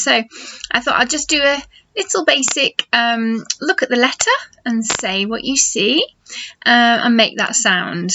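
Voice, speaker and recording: A middle-aged woman teaching phonics to young children, slow and encouraging as she models sounds for them to copy. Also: a little high, pushed and bright, slight background noise. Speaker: nursery teacher. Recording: dull lo-fi home video sound.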